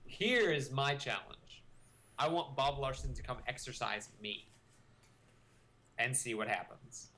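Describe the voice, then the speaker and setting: A man with a bright, forceful voice chatting on a podcast. He rambles loosely, packing his sentences with "like" and "you know". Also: mid-range voice, unhurried, pauses often. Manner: loose, filler-heavy, lots of "like". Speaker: podcast co-host. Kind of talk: casual chat.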